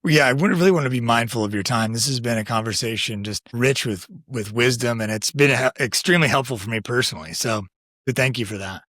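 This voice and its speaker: A man hosting a podcast interview, talking in a reflective, halting way with restarts. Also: medium pitch, fairly bright tone, no echo, clean studio sound. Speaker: podcast host.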